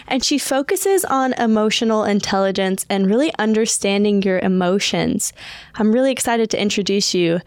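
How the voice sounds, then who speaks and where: A woman's voice: mid-range voice, moderate pace, smooth, no room sound. A woman with a Southern US accent co-hosting a podcast, chatty and enthusiastic as she introduces a guest. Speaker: podcast co-host. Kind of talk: upbeat podcast interview.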